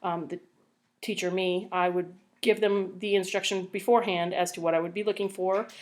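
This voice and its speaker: A woman's voice: normal speed, distant mic. Woman teacher reading aloud, echoey room. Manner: expressive storytelling with lively pitch. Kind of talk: reading a story aloud to a class.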